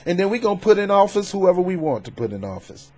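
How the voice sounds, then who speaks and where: A man delivers casual political commentary in a fervent, sermon-like, colloquial manner. His fairly high voice is husky, and he swings into loud, forceful emphasis. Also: very animated, fast. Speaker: YouTube commentator.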